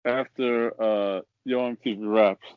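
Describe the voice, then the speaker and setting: A man speaking very slowly in a dry, close, unechoing sound, dropping wry asides on a podcast. His tone stays drawling and deadpan. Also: fairly low pitch, clear, resonant tone, no echo. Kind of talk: casual chat.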